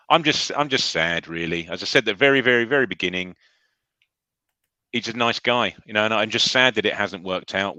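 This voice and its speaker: Low bright-voiced English co-host. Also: male voice, no echo, lo-fi sound. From England. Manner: thoughtful, hedging, mild swearing. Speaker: podcast co-host. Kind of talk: live reaction chat.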